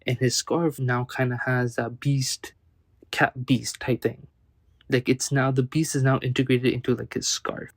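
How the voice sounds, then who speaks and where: A man's voice: mid-range voice, no echo. A man casually recapping a comic chapter in a loose, slangy way, often stopping to correct himself. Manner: loose, slangy retelling full of "like" and "kinda". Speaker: manga reviewer.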